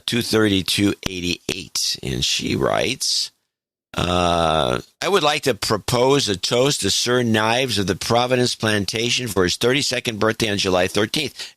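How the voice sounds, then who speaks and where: Low-voiced man reading listener notes. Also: a bit bright, no room sound. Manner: reads notes aloud with dry asides. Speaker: podcast co-host.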